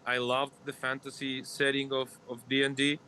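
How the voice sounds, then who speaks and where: A man in his forties, a podcast guest, telling his story in a measured, reflective way. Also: medium pitch, monotone, pushed and bright, slight background noise. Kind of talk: casual interview answer.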